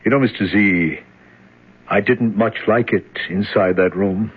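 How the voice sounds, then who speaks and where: A man's voice: on the low side, a little slow. An actor playing a curt, cold male jailer who speaks in a dry, matter-of-fact way in a 1970s radio drama. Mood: uneasy. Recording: tinny husky old radio broadcast.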